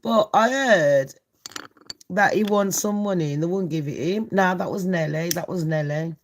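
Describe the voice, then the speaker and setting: A woman's voice: on the low side, moderate pace, slight background noise. A woman hosting a celebrity gossip channel, chatting casually in a brash, sweary way and laughing often.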